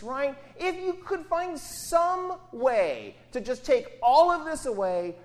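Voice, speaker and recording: A woman's voice: very high-pitched, sing-song, normal speed, few pauses. A woman preaching a sermon on a gospel passage, speaking expressively with rhetorical questions and emphatic asides.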